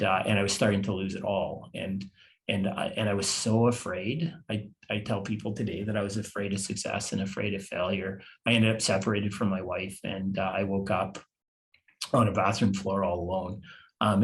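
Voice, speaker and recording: A man in his fifties, a podcast guest, telling a personal story in a halting, confessional way and often repeating words. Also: sits low, steady tone. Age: 50s.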